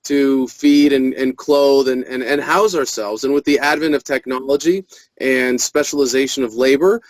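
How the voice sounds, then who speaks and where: A man's voice: mid-range voice, moderate pace, dry recording, low-quality recording. A man giving an interview as a political activist, talking earnestly and speeding up when he presses a point.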